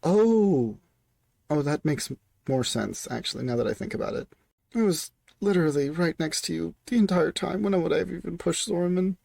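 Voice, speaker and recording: A man's voice: a little high, lively intonation, normal speed, vocal fry, a little mellow, no room sound, studio quality, pitched above the performer's own voice. A man voicing an exasperated young male adventurer, sheepish and incredulous.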